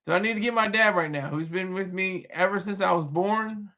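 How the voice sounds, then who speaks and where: Man, high voice, bright tone, casual livestream rambling, many restarts. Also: brisk. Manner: rambling, restarts, chuckles at chat. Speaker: livestream host reading chat.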